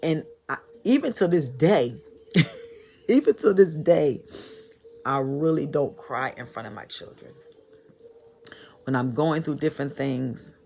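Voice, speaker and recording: A woman telling her personal story in a vlog, halting and repeating phrases in a heartfelt way. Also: low voice, expressive, gravelly, warm tone, slight background noise. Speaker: motivational vlogger.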